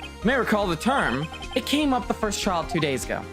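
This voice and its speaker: A man's voice: high voice, sing-song, a little fast, over music. A man voicing a determined young male defense attorney in a game, with emphatic, explanatory courtroom delivery. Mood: explaining.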